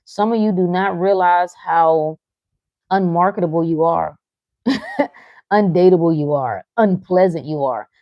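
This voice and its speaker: Reading through viewer comments, this livestream host gives a frank, profane motivational talk and teases her audience with brief laughs. She speaks unhurriedly in a lowish voice, and the audio is dull but free of echo.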